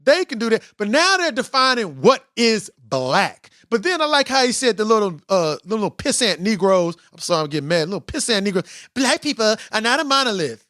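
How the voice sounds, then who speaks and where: Animated high-voiced man hosting a podcast. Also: brisk, hardly any pauses, dry recording, studio quality. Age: 40s. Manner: animated, quotes books at length. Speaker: podcast host. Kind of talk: casual podcast discussion.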